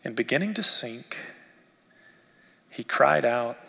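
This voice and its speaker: A male pastor preaching a sermon expressively, rising in force and dropping to near quiet. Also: medium pitch, animated, slow pace, gravelly. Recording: long reverb of a church hall.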